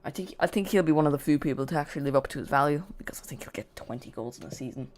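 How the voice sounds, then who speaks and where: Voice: mid-range voice, lively intonation, rapid-fire. A watch-along host giving casual live football chat, rambling and correcting themself, with dry sarcastic asides.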